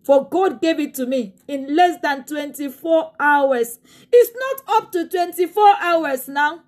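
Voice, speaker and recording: A woman pastor preaching with a very high voice. She preaches with great passion and often swings into tearful shouting. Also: a little slow. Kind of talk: sermon.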